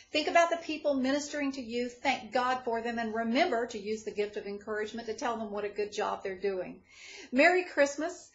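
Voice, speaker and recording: Expressive middle-aged woman giving a devotional. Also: fairly high pitch. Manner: storytelling, expressive. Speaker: ministry leader. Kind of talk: devotional talk. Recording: dull lo-fi recording.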